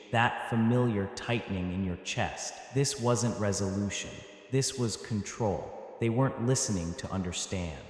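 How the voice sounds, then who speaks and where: A man giving a dramatic motivational voice-over, slow and emphatic, in short clipped phrases with pauses. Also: lowish voice. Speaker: narrator. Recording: heavy echo with long hall reverb.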